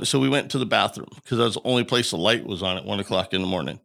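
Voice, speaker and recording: Gravelly, bright-voiced man telling his story. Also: medium pitch, rapid-fire, few pauses. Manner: animated storyteller acting out quoted dialogue. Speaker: podcast guest. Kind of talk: storytelling in an interview.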